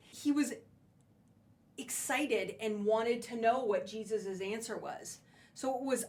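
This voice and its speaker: A woman giving a church teaching on a scripture passage, talking it through and leaning hard on key words. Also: a little high. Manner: emphatic, stresses key words. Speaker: church speaker. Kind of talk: sermon teaching.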